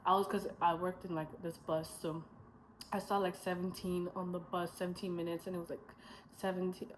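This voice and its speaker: A young woman talks straight to her viewers in a casual testimony vlog. Her voice sits a little low, and she tells the story in a chatty, rambling way, with asides and quick self-corrections. She acts out the lines she and others said. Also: little pitch movement, slight background noise, low-quality recording. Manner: chatty storytelling, acting out her own past dialogue. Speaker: vlogger sharing her faith testimony.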